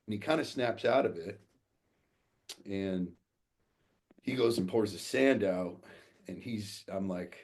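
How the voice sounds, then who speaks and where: A man speaking as a guest on a podcast, telling a story in a blunt, profane, animated way. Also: low voice, takes it slowly, pauses often, husky. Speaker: guest, fathers' coach.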